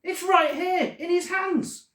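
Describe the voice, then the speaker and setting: A woman doing a yelling, overjoyed shopkeeper. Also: very high-pitched, slow pace, pitched above the performer's own voice, exaggerated voice. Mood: ecstatic. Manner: yelling, frantic. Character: excitable shouting male shopkeeper, overjoyed. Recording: echoey room, far from the mic.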